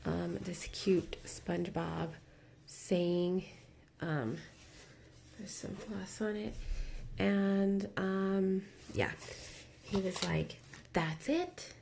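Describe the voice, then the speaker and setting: A woman's voice: medium pitch, level tone, extremely slow, gravelly, long pauses, a little mellow, a little hiss or hum. A young adult woman chatting casually while she crafts, rambling and ranting with lots of fillers. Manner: rambling and ranty, many fillers. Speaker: craft vlogger. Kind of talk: casual chat while diamond painting.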